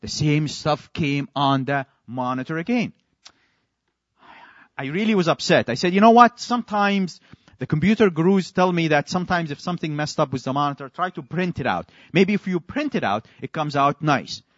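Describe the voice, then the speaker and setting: Male preacher telling a sermon story, high and very lively pitch, dry, slightly dull recording. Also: normal speed, dry recording. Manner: storytelling, animated, acts out his own quoted lines.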